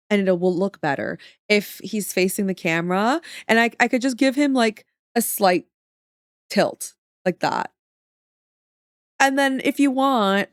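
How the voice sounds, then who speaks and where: A woman chatting casually on a livestream while she works. She talks to her viewers in a playful, joking way and plays up mock drama. Her voice sits at an average pitch, and the recording is dry and close. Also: no room sound. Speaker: streamer and artist.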